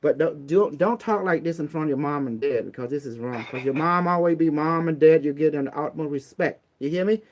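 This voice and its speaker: A man from Cambodia talks casually and bluntly, handing out streetwise advice like a preacher. His voice sits fairly high for a man. He slips into little acted quotes to make his point. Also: fairly quick, few pauses. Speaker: online talk host. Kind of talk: casual motivational talk.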